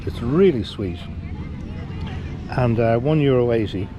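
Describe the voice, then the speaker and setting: A man's voice: medium pitch, animated, measured pace, crowd noise. Middle-aged irish guy chatting to his handheld camera on the street, easygoing and rambly, traffic noise all round. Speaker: travel vlogger. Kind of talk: casual chat to camera. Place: outdoors on a busy street. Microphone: handheld action camera. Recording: outdoor street noise behind.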